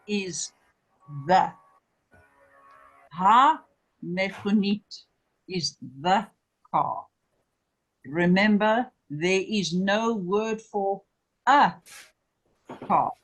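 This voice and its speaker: A husky, breathy voice teaches at an extremely unhurried pace, lingering on every syllable. The teacher drills each word several times over and keeps asking whether the class is following. The delivery is patient and deliberate, like a lesson for beginners. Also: medium pitch, fairly bright tone, low-quality recording. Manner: drills words by slow repetition; patient, checks understanding with "okay?" and "remember". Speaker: Hebrew teacher. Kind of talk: classroom lecture.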